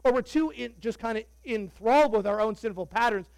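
A man preaching a sermon as pastor, animated and conversational, joking with the congregation. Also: very high voice, brisk, vocal fry, smooth, no echo, rough recording.

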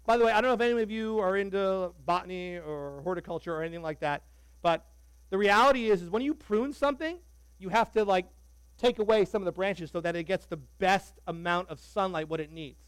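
A man preaching a sermon as pastor, animated and conversational, joking with the congregation. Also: high-pitched, fairly quick, clear, resonant tone, no room sound, low-quality recording.

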